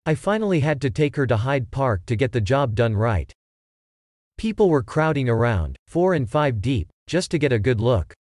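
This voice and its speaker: Brief: a man playing a matter-of-fact, long-winded photographer, lively intonation, dry close sound. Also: medium pitch, normal speed, no room sound, natural voice. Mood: earnest. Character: earnest, long-winded male baby photographer.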